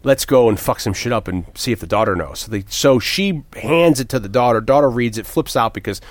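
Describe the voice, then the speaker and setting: A man's voice: medium pitch, expressive, a little fast, no echo. A man casually retelling a film plot on a podcast, acting out the characters and swearing freely. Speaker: podcast co-host. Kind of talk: casual movie recap chat.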